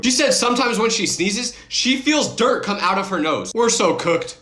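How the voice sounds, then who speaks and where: A man's voice: sits high, animated, moderate pace, hardly any pauses, bright, forceful tone, reverberant. A young man telling funny stories as a gaming channel host, emphatic and full of incredulous rhetorical questions. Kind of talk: scripted storytime narration over gameplay.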